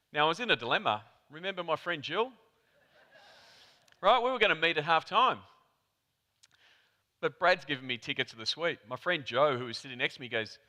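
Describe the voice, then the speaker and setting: An Australian man from Melbourne giving a conference talk, telling a chatty anecdote with quick asides to the audience. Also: fairly high pitch, lively intonation, sharp tone. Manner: chatty storyteller, rapid asides. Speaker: conference presenter. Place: conference hall. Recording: reverberant hall.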